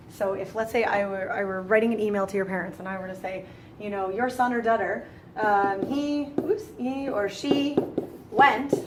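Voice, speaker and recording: A woman's voice: mid-range voice, noisy background. A young woman teaching French grammar in a casual tutorial, playful and exasperated, often acting out silly voices.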